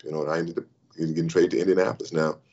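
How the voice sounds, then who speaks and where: A man in his sixties telling stories as an interview guest, animated, with frequent restarts and repeated "I mean". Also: deep voice, racing, highs cut off. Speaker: interview guest, former pro athlete. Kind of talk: animated storytelling in conversation.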